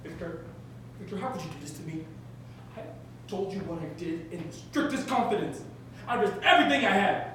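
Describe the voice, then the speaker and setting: A man's voice: sits high, expressive, fairly quick, a bit bright, a little hiss or hum. A man on stage playing a panicked male colleague who pleads frantically, recorded from far off in an echoey theatre. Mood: pleading.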